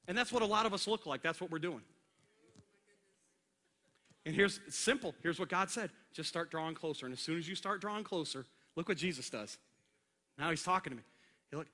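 A man preaching a sermon on a church stage into a microphone, animated and acting out scenes with a helper. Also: fairly high pitch, a little fast, long pauses. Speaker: pastor. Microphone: handheld or stage microphone.

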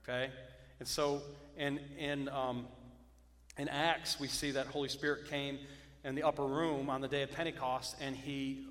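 Pastor preaching in a reverberant church. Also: male voice, mid-range voice, level tone, normal speed, a bit bright. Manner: repeats key phrases, checks in with "Amen?" and "okay?". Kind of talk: sermon. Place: church sanctuary.

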